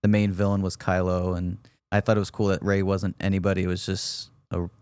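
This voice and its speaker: A man's voice: low voice, completely flat delivery, a little fast, darkish tone, smooth, no echo. A man co-hosting a casual podcast, easygoing and agreeable. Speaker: podcast co-host. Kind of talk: casual chat.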